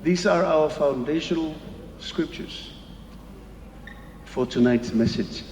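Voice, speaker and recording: A man with a Samoan accent preaching a sermon, switching between Samoan and English and stressing each phrase slowly. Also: fairly high pitch, darkish tone, slight background noise. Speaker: pastor. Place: large church hall. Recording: echoey hall with long reverb.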